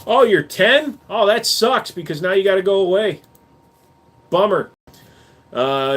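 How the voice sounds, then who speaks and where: A man's voice: sits high, animated, unhurried, pauses often, a bit bright. Blunt, joking man hosting a livestream. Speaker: livestream host answering chat. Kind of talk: casual livestream chat.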